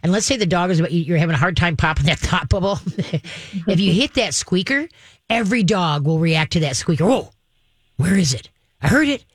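A woman's voice: lowish voice, moderate pace, no echo. Chatty woman dog trainer hosting. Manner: chatty, emphatic, often checks in with "okay?"; laughs often while explaining. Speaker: dog trainer and radio host. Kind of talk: call-in advice show.

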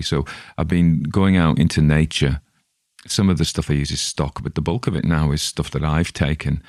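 A man's voice: very deep voice, darkish tone, no room sound, clean studio sound. A middle-aged man, talking through his week in a chatty, self-deprecating monologue full of restarts. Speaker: podcast host. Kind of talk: casual rambling monologue.

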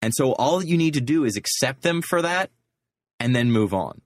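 A man's voice: mid-range voice, expressive, normal speed, no room sound, clean studio sound. A man hosting a podcast in casual chat, explaining ideas and steering the topic. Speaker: podcast host.

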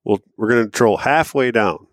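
A man's voice: mid-range voice, moderate pace, no echo, studio quality. A man co-hosting a podcast, telling a rambling story in casual chat, acting out what people said and swearing casually. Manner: rambling anecdotes, acts out quoted lines, swears casually. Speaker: podcast co-host.

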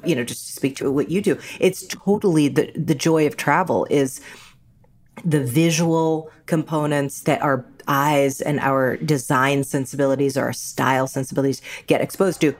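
A woman from New York with an American accent, chatting as an interview guest and telling animated stories. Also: very deep voice, unhurried. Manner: animated storyteller, slips into voices. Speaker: actor and guest. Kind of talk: casual interview chat.

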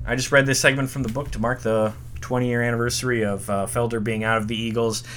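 A man's voice: medium pitch, flat delivery, fast talker, a bit bright, slight background noise. A man hosting a music history podcast, reading a script in an enthusiastic, opinionated way. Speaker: podcast host.

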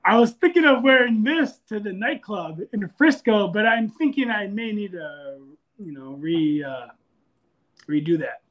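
A man's voice: high-pitched, expressive, unhurried, a bit bright. A man calling into a podcast, chatting in a laid-back, easygoing way. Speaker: caller. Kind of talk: casual call-in chat.

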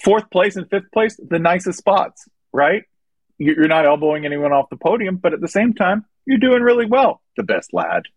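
An American podcast host talks motorsport in a casual, joking way as he reads listener questions aloud. His voice is high and very animated, at a moderate pace, and the recording is dry.

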